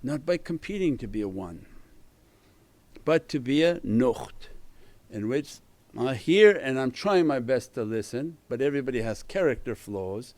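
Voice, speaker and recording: A man, a spiritual teacher giving an earnest religious talk and varying his loudness for emphasis. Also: fairly high pitch, no room sound.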